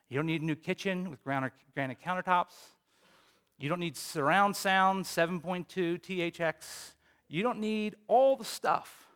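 A male pastor preaching a sermon, telling a personal story in an animated way with big swings in volume. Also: fairly high pitch.

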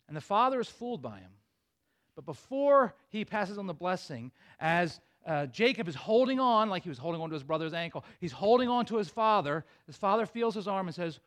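Male pastor, high voice, sermon, animated storytelling, asides to the congregation. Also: brisk.

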